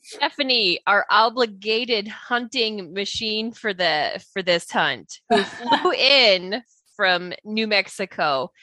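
A woman's voice: medium pitch, expressive, slow, bright, forceful tone, no echo. A woman hosting a casual podcast chat, introducing her guests with a chuckle. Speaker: podcast host.

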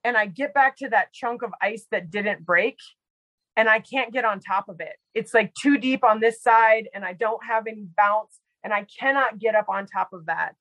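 A woman's voice: on the high side, moderate pace, fairly bright tone, no echo, poor audio. A woman guest telling a personal story in casual conversation, chatty and full of "like" and fillers. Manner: chatty, heavy use of "like" and fillers. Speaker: podcast guest; medical provider.

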